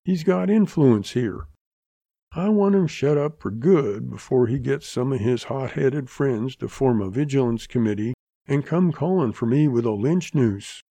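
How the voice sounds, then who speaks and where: A man's voice: mid-range voice, lively intonation, measured pace, warm tone, dry recording. A man voicing a ruthless saloon owner. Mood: scheming. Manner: gruff, blunt. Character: scheming ruthless male saloon owner and rancher.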